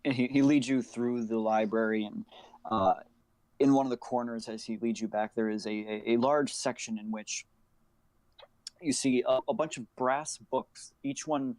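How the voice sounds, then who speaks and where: A man's voice: medium pitch, steady tone, moderate pace, a little mellow, no room sound. Man narrating as game master. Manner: descriptive, hesitant with fillers.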